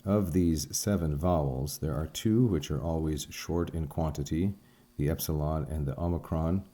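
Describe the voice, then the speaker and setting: A man teaching a recorded language lesson, spelling out letters and syllables one at a time in a slow, deliberate way. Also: a bass voice, dark tone.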